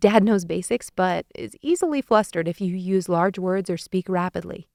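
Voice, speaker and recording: A woman narrating a first-person audiobook with a lively, expressive reading on a close studio mic. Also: lowish voice, normal speed, gravelly, hardly any pauses, no echo.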